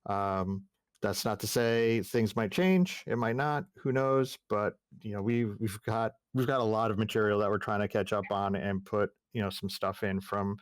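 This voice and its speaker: A man speaking on a game design panel, halting and full of restarts, in casual talk. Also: fairly low pitch, steady tone, clear, resonant tone, no room sound, clean studio sound. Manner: halting, many restarts and fillers.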